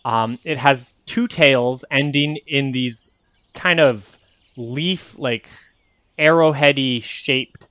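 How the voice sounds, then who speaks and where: Male game master, unhurried, filler-heavy narration, middle pitch. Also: pushed and bright, no echo. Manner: meandering, descriptive, many fillers.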